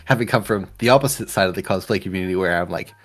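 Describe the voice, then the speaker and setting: A man from Australia hosting a podcast, talking quickly and eagerly and acting out quotes. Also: low voice, faint music behind. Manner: quick, enthusiastic, laughing, acts out quotes. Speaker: podcast host. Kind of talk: casual chat.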